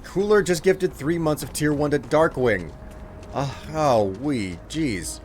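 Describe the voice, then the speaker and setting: A man's voice: mid-range voice, expressive, takes it slowly, soft background music. A man streaming a game live, chatting casually with viewers, thanking them for gifts and sounding exasperated at their requests.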